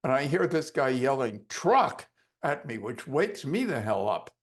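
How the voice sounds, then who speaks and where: A man who teaches hypnosis tells a story in a course lesson, in a casual, profane and animated way. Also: mid-range voice, normal speed. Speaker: hypnosis instructor.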